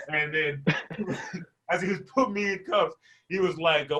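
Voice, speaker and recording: Animated young male stand-up comedian. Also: on the high side, brisk. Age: 20s. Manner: animated, laughs between lines, acts out the characters in his stories. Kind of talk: stand-up storytelling. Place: a room, performing for a virtual event. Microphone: video call microphone.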